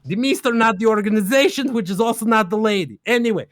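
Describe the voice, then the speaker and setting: A man's voice: sits high, fast, fairly bright tone, no room sound, clean studio sound. A man casually recapping a game plot on a stream, rambling in broken grammar with lots of fillers and laughs.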